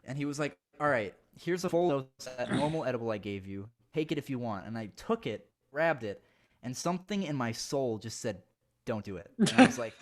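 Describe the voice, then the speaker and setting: Young male podcast guest, casual storyteller, animated delivery with laughs and acted-out quotes. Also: mid-range voice, fairly quick.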